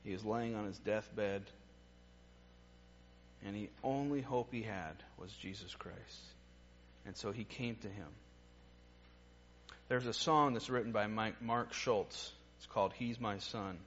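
Earnest preacher man, hushed to emphatic. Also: lowish voice, takes it slowly, long pauses, lo-fi sound, slight background noise. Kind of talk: sermon.

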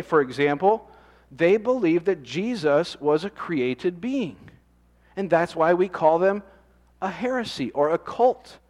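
A man's voice: high-pitched, a little mellow, in a large hall. A man preaching a sermon in a conversational way, often asking the congregation questions. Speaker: pastor.

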